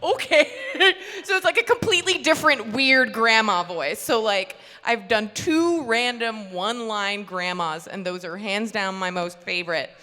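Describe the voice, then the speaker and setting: A bubbly woman voice actor talking on a convention panel, her voice bright and lively as she laughs through her stories. She is picked up in a big hall with a long, echoing reverb. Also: mid-range voice, moderate pace, hardly any pauses. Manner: bubbly, laughing, rambling anecdotes.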